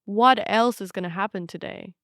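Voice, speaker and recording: A young woman from Romania, a native Romanian speaker, giving a reflective, measured scripted narration of her own story. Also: mid-range voice, fairly bright tone, no echo, clean studio sound.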